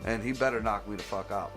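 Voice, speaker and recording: A man hosting a show, ranting casually, swearing constantly, laughing and bursting into loud shouts. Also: medium pitch. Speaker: podcast host. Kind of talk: profane casual rant.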